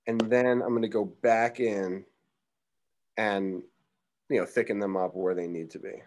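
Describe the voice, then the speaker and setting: A man's voice: lowish voice, steady tone, a little slow, a little mellow. A young man teaching a live drawing class, chatting casually and thinking aloud as he sketches. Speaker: art teacher.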